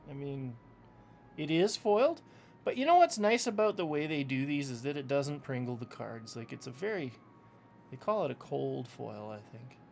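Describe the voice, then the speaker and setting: A man's voice: mid-range voice, lively intonation, normal speed, vocal fry, a little mellow, slight background noise. A man casually chatting to viewers while opening trading card packs at home, playful and talkative. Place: room at home with fans running.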